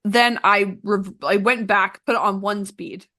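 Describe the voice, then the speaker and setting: Woman, podcast host, bright voice, expressive reader, casual book chat. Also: medium pitch, a little slow. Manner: reads aloud expressively, chats with restarts and fillers.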